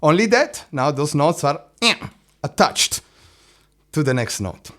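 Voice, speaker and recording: A man's voice: on the high side, very animated, measured pace, a bit bright. A man teaching a drum lesson, counting beats aloud, singing drum syllables and checking in with "no?" and "eh?".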